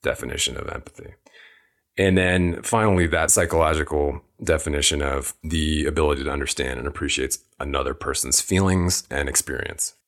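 A male podcast host with a very deep, low voice. He talks in an easy conversational way, reading out definitions and thinking aloud with his guest. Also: a little fast, fairly bright tone. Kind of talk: casual interview talk.

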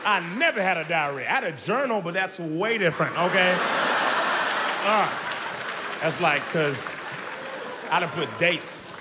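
High, animated man doing stand-up. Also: a little slow, long pauses, over a noisy crowd, very noisy. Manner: loud, animated, jumps to high shouts. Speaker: stand-up comedian. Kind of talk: stand-up comedy set. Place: large comedy venue on stage. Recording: live show in a hall with audience.

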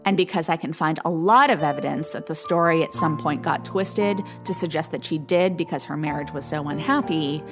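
A woman with a somewhat low voice narrates from a script. She tells her story with a wry, questioning edge. Music plays plainly behind her the whole time. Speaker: podcast host.

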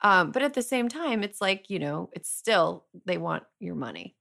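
A woman's voice: on the low side, big pitch swings, normal speed, vocal fry, fairly bright tone. Chatty woman podcast host. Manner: chatty, filler-heavy, playful. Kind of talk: casual chat.

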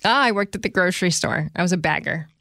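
Middle-aged woman host, low-ish voice, chatty storyteller, dry close mic. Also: fast, sharp tone, no room sound. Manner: chatty storyteller, laughs often. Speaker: podcast host. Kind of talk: casual chat.

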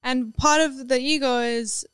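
A woman's voice: high voice, fairly even intonation, unhurried, fairly bright tone, clean tone, dry recording. A woman pet psychic speaking as a podcast guest, earnest and reassuring, with frequent restarts. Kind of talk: casual podcast conversation.

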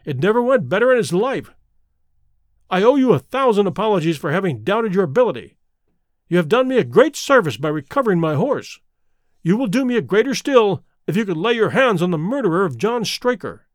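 A man reading aloud as a proud, excitable colonel with a brusque manner. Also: high voice, fairly quick, no echo, clean studio sound. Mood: grateful. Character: proud, agitated older male colonel, horse owner.

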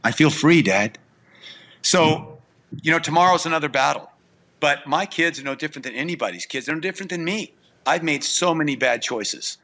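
A middle-aged man talks through a personal story as an interview guest. He is earnest and emphatic, and his voice breaks into tears. His voice sits a bit higher than most men's. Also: brisk, sharp tone. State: tearful. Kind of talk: emotional personal testimony.

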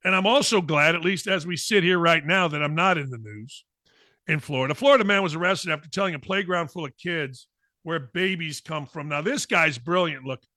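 Middle-aged guy hosting a talk show, jokey, riffing on weird news, bright tense voice. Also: a little high, a little fast, no room sound, clean studio sound. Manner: animated, jokey, riffs off the stories. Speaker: sports talk show host. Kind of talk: casual monologue reading news stories.

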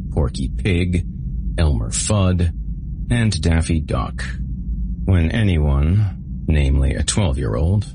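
A man with an extremely deep, low voice reads a first-person story in a dry, sardonic tone. A faint hiss of background noise sits under the recording. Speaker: narrator.

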